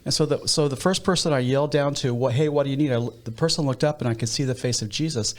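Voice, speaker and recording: A man's voice: medium pitch, fast. A man with a Midwestern American accent, a pastor who leads a nonprofit, telling stories in an interview with many restarts. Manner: storytelling, with frequent restarts. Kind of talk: interview conversation.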